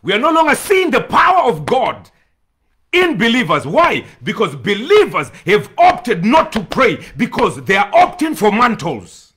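A man's voice: high voice, wildly swooping pitch, measured pace, fairly bright tone, slightly rough. A man preaching an emphatic sermon, repeating phrases and breaking into bursts of tongues.

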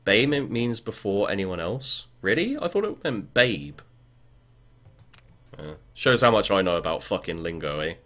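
A man commentating a game as he plays, swearing often and bursting into yells and chanted words. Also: fairly low pitch, sing-song, measured pace. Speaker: gaming video creator. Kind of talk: let's play commentary.

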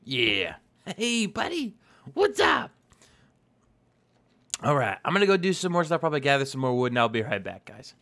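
Young man, casual game commentary, playful, chatty, talks to the animals in the game, mid-pitched voice. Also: big pitch swings, racing, few pauses, fairly bright tone. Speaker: let's play host.

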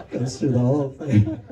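A man being interviewed, telling a story in a casual, animated way and acting out what other people said. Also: medium pitch, highs cut off, background noise. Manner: animated storyteller who acts out others' lines. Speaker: interviewee recounting anecdotes. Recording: roomy sound from a distant mic.

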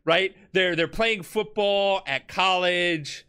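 A tipsy man hosting a podcast, telling a story in a casual, profane way and jumping into shouted character voices. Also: sits high, slow pace, clear, resonant tone. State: drunk. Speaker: podcast host.

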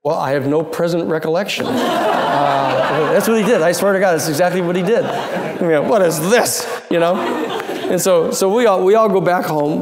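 Male lecturer, storytelling mode, animated, fry in the voice. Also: a little high, a little hiss or hum. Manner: animated, quotes people in the story and laughs along. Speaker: lecturer recounting a legal case. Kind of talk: anecdotal storytelling to a class.

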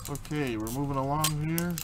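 A man with a slightly high voice hosts a live card break. He talks at an unhurried pace, calls out player names and chats with viewers, with faint noise in the background. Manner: reads out player names while opening packs, chatting with viewers. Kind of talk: live card-opening commentary.

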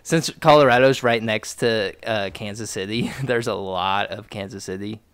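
A young man hosts a casual podcast chat with a low, gravelly voice. His tone is smooth and clear, and the sound is dry and close. He talks loosely and jokes around with lots of fillers. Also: moderate pace, fairly bright tone, no echo. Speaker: podcast host.

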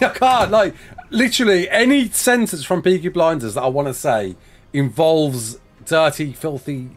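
A young man from the English West Midlands hosts a casual game live stream, with his accent plain in every line. His voice sits a little high and moves a lot in pitch. He laughs often and reads chat questions aloud.

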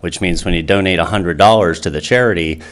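A man's voice: sits low, fairly quick. A man who founded a charity, speaking earnestly to a town council with many fillers and restarts. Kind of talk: public comment speech.

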